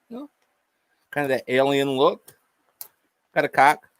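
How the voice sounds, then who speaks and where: A man's voice: mid-range voice, lively intonation, unhurried, fairly bright tone, dry recording. A man vlogging a sarcastic, profane monologue, mockingly addressing an unseen "sir" over and over.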